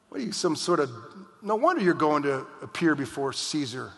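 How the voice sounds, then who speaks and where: A man's voice: on the high side, expressive, normal speed, fairly bright tone. A middle-aged American man preaching a sermon, mixing scripture with jokes and mock outbursts. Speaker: pastor. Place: church hall. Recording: long reverb of a hall.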